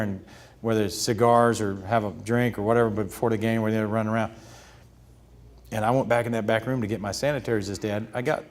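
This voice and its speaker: Animated retired ballplayer telling stories. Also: male voice, fairly low pitch. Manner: animated, laughs through his stories. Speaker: interview guest, retired pitcher. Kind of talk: storytelling in a sit-down interview.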